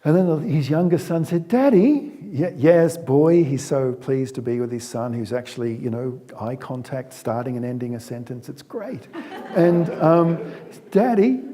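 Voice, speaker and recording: Mellow-voiced man telling a story. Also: medium pitch, normal speed. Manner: conversational, with frequent restarts and repeated words; acts out the scenes he retells. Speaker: speaker on parenting. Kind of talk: storytelling talk to an audience.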